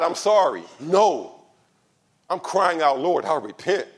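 A male pastor preaching a sermon, calling out to the congregation, building to loud, drawn-out passion and then dropping low and quiet. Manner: calls out to the congregation.

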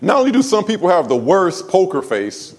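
A male pastor preaches a sermon to his church, telling a story very animatedly and a little fast. He swings between quiet, low asides and loud, raised exclamations.

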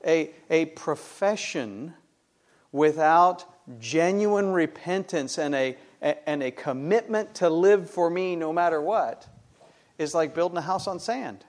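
A man's voice: fairly high pitch, animated, unhurried. A middle-aged man preaching a sermon, emphatic and full of rhetorical questions put to the congregation. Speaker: pastor.

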